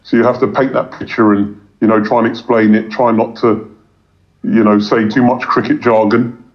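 A man's voice: medium pitch, flat delivery, normal speed. A man, a cricket commentator, talking casually in an interview, rambling with repeated words and plenty of fillers. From England. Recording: dull lo-fi recording.

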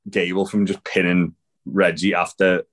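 A man's voice: low-pitched, level tone, normal speed, fairly bright tone. A man co-hosting a podcast, recapping wrestling in a rambling, casual way with lots of swearing and fillers. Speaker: podcast co-host.

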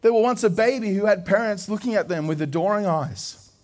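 This is an Australian pastor in his thirties, preaching with a fairly high, light voice. He tells his story in a lively, conversational way, tripping over his words and restarting as he goes. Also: a little fast. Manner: lively personal storytelling with frequent restarts and laughs. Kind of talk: sermon storytelling.

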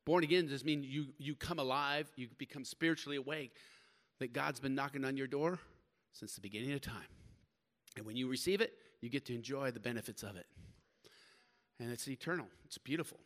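A man preaching a sermon to young people, emphatic and conversational, swinging between loud stresses and quieter stretches, with casual slang. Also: mid-range voice, fairly quick. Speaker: pastor.

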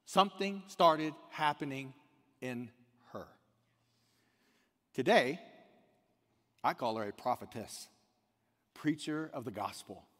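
Male pastor, sermon, soft asides to near shouts, long hall echo. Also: medium pitch, expressive, slow, pauses often. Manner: swings from hushed asides to near-shouted emphasis.

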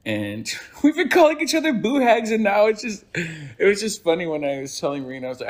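A podcast host with a high voice that swoops wildly in pitch tells a folk tale at a moderate pace. His casual storytelling is rambling, playful, and full of self-corrections.

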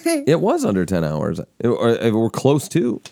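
A man's voice: medium pitch, huge pitch swings, a little slow, creaky, warm tone, dry recording, studio quality. A man hosting a casual family podcast, playful and teasing, asking his kids lots of questions. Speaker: podcast host and father.

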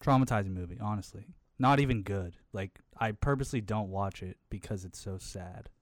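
Low-voiced young man, rambling chat. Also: a little fast, dry recording, studio quality. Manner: rambling, filler-heavy, swears freely. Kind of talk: casual chat.

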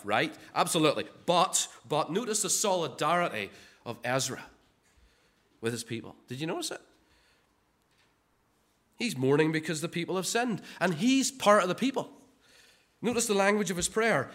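Speaking at normal speed in a mid-range, slightly bright voice, this preacher keeps his sermon conversational. He repeats words frequently and asks rhetorical questions.

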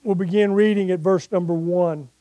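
Older preacher guy, highish voice, mellow, chatty then fired up reading scripture, dry close sound. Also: steady tone, moderate pace, no room sound. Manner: conversational preaching that swells into emphatic scripture reading. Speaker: pastor. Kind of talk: sermon.

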